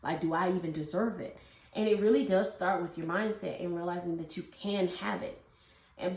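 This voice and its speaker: Young female tarot reader, quick and affectionate delivery, roomy echo. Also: lowish voice, a little mellow. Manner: fast, gushing and affectionate, calls viewers babies and honey. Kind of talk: casual tarot reading to camera.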